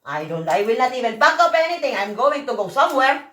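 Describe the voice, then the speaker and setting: Woman vlogger, high voice, hoarse, swearing and rambling, echoey room. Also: very animated, fast talker, a bit bright, distant mic. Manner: profane, rambling, emphatic. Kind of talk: emotional rant to camera.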